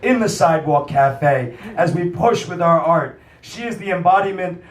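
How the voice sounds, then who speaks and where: A high-voiced male host who rambles through a profane, filler-heavy comedy rant before introducing acts. He is picked up from a distance in an echoey little cafe room. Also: normal speed. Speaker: festival host and MC. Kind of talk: stand-up rant and act introduction. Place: small cafe music venue. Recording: roomy live room, mic from afar.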